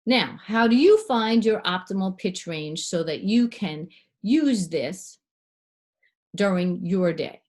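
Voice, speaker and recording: A middle-aged woman voice coach giving a clear, demonstrative lesson, shifting her pitch and loudness to show techniques. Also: lively intonation, slow. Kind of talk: instructional talk to camera.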